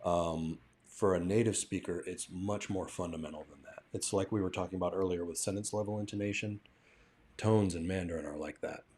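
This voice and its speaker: A man's voice: sits low, steady tone, fairly quick, a little mellow. A man co-hosting a language-learning livestream, talking through an idea step by step and checking in with "right?". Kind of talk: casual explanatory talk.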